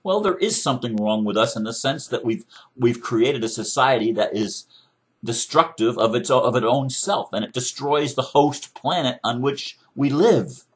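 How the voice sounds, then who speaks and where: A man's voice: medium pitch, animated, normal speed. A man giving an impassioned commentary monologue, emphatic and preachy, driving his points home with rhetorical questions. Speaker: commentator responding to another speaker.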